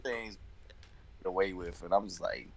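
A young man chatting casually with friends, animated and swearing, with lots of filler words. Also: low-pitched, moderate pace, no room sound. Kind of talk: casual chat among friends.

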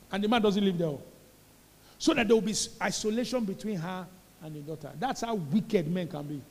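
A Nigerian man preaching in a church with a high, gravelly voice. He drives his points home by repeating them and builds to loud, emphatic peaks. The sound rings with the long reverb of a large hall. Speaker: pastor. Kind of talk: sermon.

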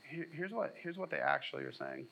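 A young man gives a sermon with a high, bright, forceful voice. He talks to the congregation casually and cracks jokes, with sarcastic asides. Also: wildly swooping pitch, brisk, vocal fry, a little hiss or hum, rough recording. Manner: jokey, conversational preaching with sarcastic acted quotes. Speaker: pastor.

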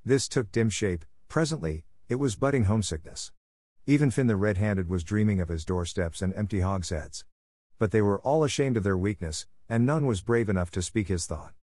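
A man narrating a classic novel in a measured, expressive storybook reading. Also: lowish voice, dry recording, clean studio sound. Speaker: audiobook narrator.

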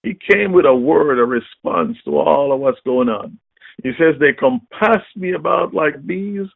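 An older man preaching a fiery sermon, booming and emphatic, calling out questions and answering them himself. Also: measured pace, vocal fry, no room sound. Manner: booming, emphatic, call-and-response. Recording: tinny phone-like sound.

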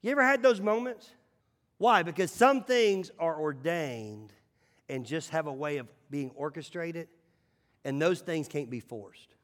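A male pastor preaching a sermon in a church, emphatic, swinging between loud calls and hushed asides. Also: fairly high pitch, lively intonation, measured pace, in a large hall. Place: church sanctuary.

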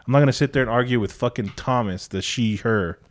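A man's voice: medium pitch, a little fast. A man hosting a podcast in casual, blunt, heavily profane chat. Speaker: podcast host.

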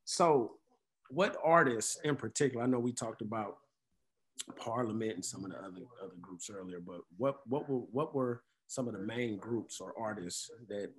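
A man asking interview questions in a halting way, searching for his words. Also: fairly low pitch.

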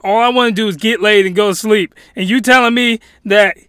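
A man's voice: sits high, fairly quick, bright, forceful tone, clear, resonant tone, no echo, studio quality, voice pushed up. A man voicing a lazy young male soldier who is exasperated and incredulous.

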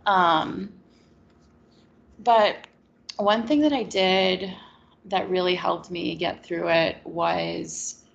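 Candid woman with a gravelly low voice. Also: steady tone, extremely slow, long pauses, dull audio. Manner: candid, reflective, sarcastic at times. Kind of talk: casual chat.

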